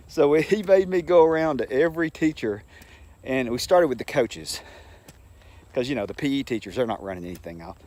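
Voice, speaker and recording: An older man with a mid-pitched voice tells stories from his years as a teacher. He rambles in a folksy, unhurried way and acts out the people he quotes. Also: expressive, a little mellow. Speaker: retired teacher. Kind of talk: casual storytelling monologue.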